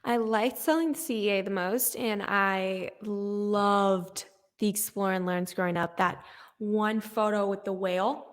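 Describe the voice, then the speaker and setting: A young woman in her twenties, a podcast guest, telling stories in an animated way with frequent laughter. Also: mid-range voice, unhurried. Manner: animated storytelling, laughing often. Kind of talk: casual interview chat.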